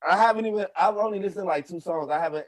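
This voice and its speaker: A man with a somewhat high voice vents in a casual podcast chat. He is blunt and swears freely. He talks in quick bursts and restarts. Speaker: guest.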